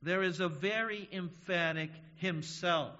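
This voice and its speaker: A male pastor preaching a sermon, slow and measured, stressing key words with emphasis. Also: sits high, sharp tone. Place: church sanctuary. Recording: dull audio in a reverberant hall.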